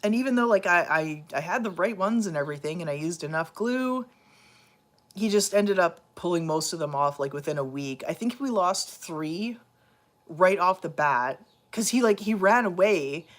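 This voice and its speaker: At a moderate pace, a woman with a fairly low voice and lively intonation vlogs from home. She's chatty, addressing both her viewers on camera and her cats, with lots of filler words.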